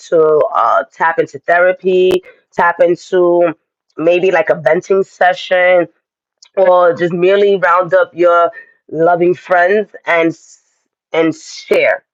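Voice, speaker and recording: A man's voice: high-pitched, steady tone, measured pace, dry recording, muffled recording. A man giving a casual astrology and tarot reading, talking straight to his viewers in a chatty, direct way.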